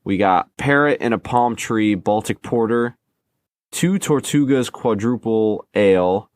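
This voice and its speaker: A man's voice: lowish voice, unhurried, no echo, clean studio sound. A man co-hosting a podcast, playful and self-mocking, tripping over names as he reads. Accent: American. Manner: playful, laughs at himself, stumbles over names. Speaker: podcast co-host. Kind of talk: casual chat.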